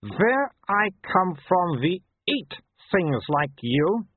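Narrator gives us a proud she-wolf, slow and icy, menacing; phone-thin, dry sound. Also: sits high, wildly swooping pitch, breathy edge, no echo, voice pushed up, exaggerated voice. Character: haughty cold female wolf. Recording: tinny lo-fi dry recording.

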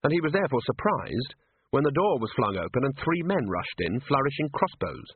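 A man reading a story aloud as scripted narration, dry and even. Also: medium pitch, fairly quick, slightly rough, no echo. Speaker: audiobook reader. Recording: dry, tinny phone-like sound.

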